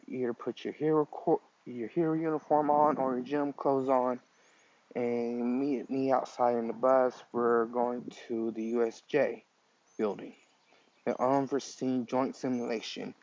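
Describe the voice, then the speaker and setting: Storybook read-aloud: man doing a gruff teacher, blunt orders, lo-fi. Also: mid-range voice, steady tone, measured pace, darkish tone, no room sound, lightly acted. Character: gruff, tired adult male teacher.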